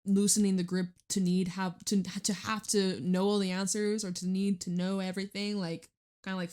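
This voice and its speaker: A woman's voice: mid-range voice, level tone, normal speed, darkish tone, clear, resonant tone. A woman giving a casual tarot reading in a chatty, laughing way, full of fillers. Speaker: tarot reader.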